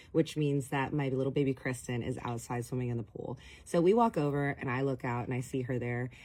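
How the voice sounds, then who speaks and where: A young woman telling a personal story in a chatty, animated way, acting out the dialogue. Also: very deep voice, husky. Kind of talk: casual storytime monologue.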